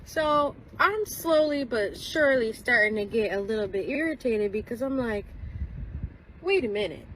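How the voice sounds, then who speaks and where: A woman's voice: a little high, moderate pace, few pauses, fairly bright tone, slight background noise, rough recording. A young woman chattily recounting a story, peppered with "like" and quoted exchanges. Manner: chatty, tells it with lots of "like" and quoted dialogue. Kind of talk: casual storytelling in a clip.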